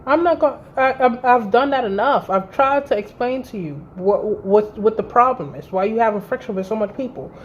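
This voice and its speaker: A woman in her thirties vents to her viewers in a blunt, profane, exasperated storytelling manner. Her voice sits a little high. The recording is dull and lo-fi with a faint hiss behind her. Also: animated, normal speed, hardly any pauses. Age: 30s. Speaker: vlogger. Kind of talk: candid storytime vent.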